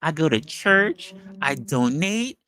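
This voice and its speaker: A man's voice: on the high side, very animated, slow pace, sharp tone, voice pushed up, heavily acted. A man putting on the voice of a sanctimonious churchgoing suburban mom in a mocking, singsong way. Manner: mocking, singsong, self-righteous.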